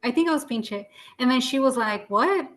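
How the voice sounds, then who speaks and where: Woman co-host with a slightly high voice, laughs easily and tells chatty anecdotes. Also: a little fast. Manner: laughing anecdotes with Spanish words and fillers. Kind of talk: casual chat.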